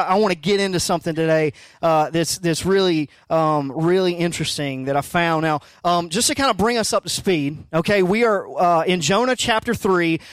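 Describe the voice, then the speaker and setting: A man in his thirties preaching a casual sermon as pastor, talking in halting restarts with joking asides. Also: high voice, clear, resonant tone, dry recording. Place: darkened church auditorium.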